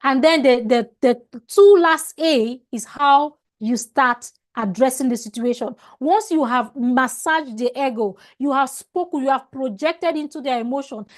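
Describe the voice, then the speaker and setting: High-voiced woman trainer, emphatic online lecturer, repeats herself, checks in with the class. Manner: emphatic, repeats words, restarts phrases, asks "All right?". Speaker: customer service trainer.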